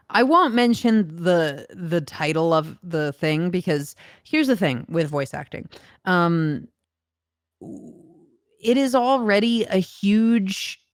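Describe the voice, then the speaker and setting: A woman's voice: on the low side, no room sound, studio quality. A woman voice actor as a podcast guest, talking in a reflective, earnest way with frequent ums. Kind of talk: casual podcast conversation.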